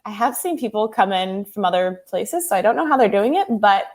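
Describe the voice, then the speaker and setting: A woman's voice: mid-range voice, animated, a little fast, darkish tone. A woman guest on a podcast, an app founder, chatting casually in a bubbly way and laughing often. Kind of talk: casual chat.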